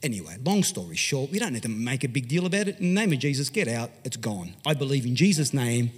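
An Australian pastor telling a story in an animated, conversational sermon, swinging from loud to hushed. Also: male voice, mid-range voice, fast talker, slightly rough. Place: large church hall. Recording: long hall reverb.

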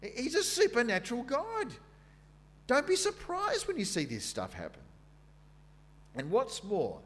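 Lively Australian man preaching. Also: medium pitch, slight background noise. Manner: animated, conversational storytelling with dramatic readings. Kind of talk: sermon.

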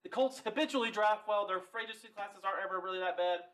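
A young man co-hosting a sports podcast, talking in animated, profane casual chat and laughing often. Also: high voice, fast. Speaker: podcast co-host.

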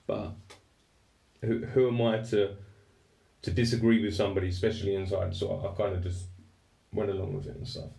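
A young man telling a story in a casual, animated and self-mocking way. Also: low voice, a little fast, vocal fry, long pauses. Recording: roomy and distant mic.

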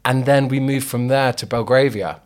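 Chatty man, podcast guest, storyteller, middle pitch. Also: fairly even intonation, normal speed. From London. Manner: chatty storyteller, laughs often. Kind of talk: casual chat.

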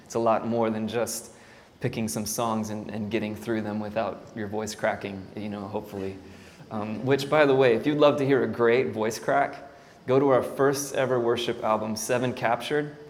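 A worship pastor in his thirties tells his story to a church audience in a church hall, speaking casually with lots of fillers and self-deprecating asides. His voice is on the low side, with fairly even intonation and normal speed, and the hall adds reverb over faint ambient noise.

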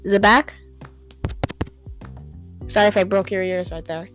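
A woman's voice: medium pitch, fairly even intonation, measured pace, fairly bright tone, soft background music. A young woman hosting a casual solo podcast, rambling, stumbling over hard words and laughing at herself, on a home microphone. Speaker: podcast host.

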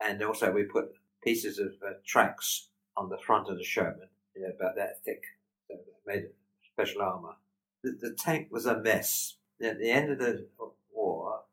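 A man's voice: on the low side, a bit bright, rough recording. An older British war veteran, a man telling plain-spoken anecdotes and acting out the dialogue he quotes. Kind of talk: anecdotal storytelling.

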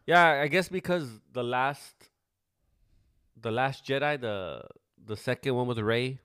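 A man in his forties talks in a relaxed, rambling way, full of swearing and side stories, at an even middle pitch. His voice sits dry and close, with no room sound around it. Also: slow, smooth, no echo. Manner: laid-back, swears often, rambling storyteller. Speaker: podcast host. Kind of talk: casual chat.

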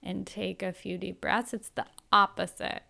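A woman talks slowly and gently, candid and self-reflective, in a personal monologue. Her voice is bright and smooth, with a noticeable creaky fry at the ends of her phrases. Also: mid-range voice, level tone.

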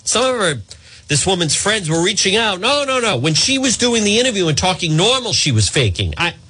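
A man's voice: very animated, brisk, bright, forceful tone, a little hiss or hum. A man hosting a talk radio show, delivering an opinionated monologue in a sarcastic, mocking way. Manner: sarcastic, mocks voices in a high put-on tone.

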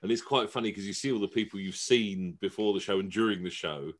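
A middle-aged man hosting a podcast, telling anecdotes in a relaxed, chatty way. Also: fairly low pitch, fast. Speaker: podcast host. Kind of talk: casual chat.

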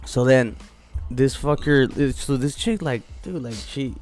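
A man telling a crude story in casual chat, rambling and profane, loudly acting out what people said. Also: medium pitch, measured pace, faint music behind. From Zacatecas, Mexico family roots. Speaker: podcast co-host.

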